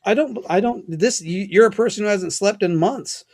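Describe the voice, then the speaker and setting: A man's voice: sits high, moderate pace, darkish tone, no echo, studio quality. Joking man with a raised voice. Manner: joking, teasing. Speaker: podcast co-host. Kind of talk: casual chat.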